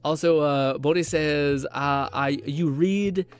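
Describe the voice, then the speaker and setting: A man's voice: fairly high pitch, slow, smooth, no echo. Rambling, profane young male streamer. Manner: rambling, profane, laughs often, lots of fillers. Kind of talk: casual chat to stream viewers.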